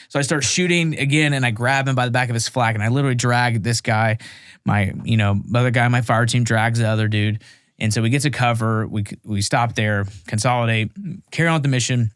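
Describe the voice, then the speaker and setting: A male Marine veteran tells a war story as an interview guest, acting out each quoted line in character. His voice sits in a middling pitch and is recorded up close and dry. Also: steady tone, quick pace, smooth, no echo.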